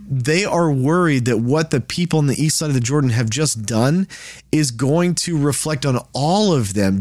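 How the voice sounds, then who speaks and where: A man's voice: medium pitch, a little mellow, no room sound. A man leading a casual Bible study, explaining scripture in a conversational way and paraphrasing it in quoted asides.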